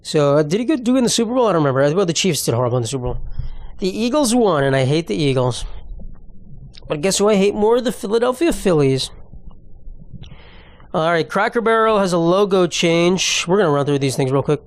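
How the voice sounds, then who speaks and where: A man's voice: sits high, expressive, brisk. A young man hosting a solo comedic podcast, rambling through stories in an offhand, profane way. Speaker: podcast host.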